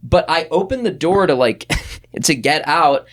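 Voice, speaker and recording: A young man in his twenties, a podcast producer, telling a story in casual chat and jumping up in pitch as he acts out what people said. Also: unhurried. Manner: animated, acts out quoted voices with big pitch jumps.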